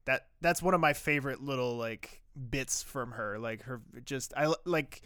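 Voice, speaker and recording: A male podcast co-host with a smooth, resonant voice, recapping a TV episode in a loose, filler-heavy chat. The recording is close and dry, with no room sound. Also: medium pitch, normal speed, bright, forceful tone, dry recording.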